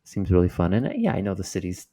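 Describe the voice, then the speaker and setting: A man's voice: low voice, very animated, fast, mellow. A man co-hosting a casual tabletop gaming discussion in a laid-back, jokey way. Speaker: podcast co-host.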